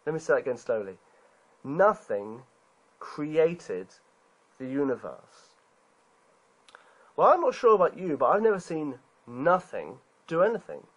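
A man's voice: a little high, huge pitch swings, fast talker, few pauses, a bit bright, husky, low-quality recording. A man giving a preachy, rhetorical monologue, emphasizing points and asking rhetorical questions. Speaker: video creator being responded to.

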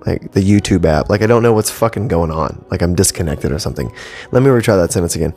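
A man's voice: low voice, lively intonation, normal speed, pauses often, a little mellow, faint music behind. Blunt, profane man rambling on a podcast. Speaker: podcast host. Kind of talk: casual solo podcast rant. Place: home studio with cables. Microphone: podcast mic.

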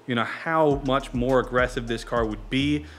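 A man hosting a car build vlog, talking in a relaxed, conversational way with frequent fillers. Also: mid-range voice, moderate pace. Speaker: car build channel host. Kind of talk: casual build vlog narration.

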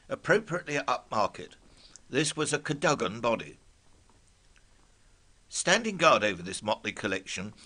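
An older man narrates a scripted memoir with a wry, vivid touch. His voice is bright and ringing, rising and falling with lively expression. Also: mid-range voice. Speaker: storyteller.

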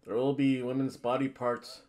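A man's voice: medium pitch, level tone, normal speed, a little mellow. Guy rambling on his vlog, jokey asides, hyping himself up, regular mid voice. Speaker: wrestling vlogger. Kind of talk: casual rambling predictions vlog.

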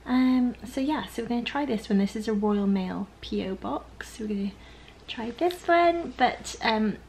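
A woman's voice: fairly high pitch, animated, moderate pace, vocal fry, darkish tone, slight background noise. A young woman chatting casually at home on her sofa, rambling and giggling through a haul vlog. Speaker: lifestyle vlogger. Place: home living room, on the sofa.

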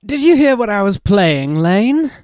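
A man reading aloud as a witty, idle young gentleman in a classic comedy of manners, in a theatrical, arch manner. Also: high voice, big pitch swings, a little slow, dry recording, clean studio sound, voice pushed up.

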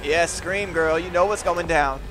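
A man giving loud, excitable let's play commentary, swearing and yelling at enemies. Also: a little high, unhurried, slight background noise. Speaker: gaming commentator. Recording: commentary over loud game music and effects.

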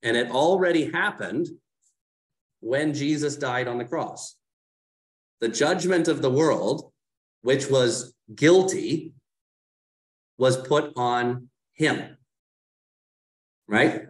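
A man leads a Bible study in a loose, conversational teaching voice of middle pitch. He asks his listeners questions and corrects himself while he explains. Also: slow pace, pauses often. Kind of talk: casual teaching talk.

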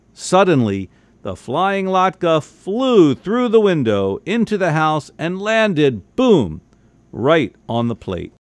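Guy reading a kids story out loud, bouncy voice, squeaks up high for the family's lines. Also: no echo. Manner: jumps into high excited voices for family members' quotes. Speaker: cantor reading a bedtime story.

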